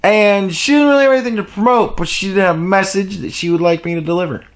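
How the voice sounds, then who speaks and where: A man's voice: sits high, fast talker. A man telling a rambling, profane story in a casual vlog rant. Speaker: vlogger.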